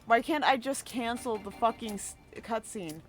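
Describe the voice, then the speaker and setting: A woman's voice: fairly high pitch, expressive, moderate pace, soft background music. A woman streaming a video game, frustrated and swearing as she plays.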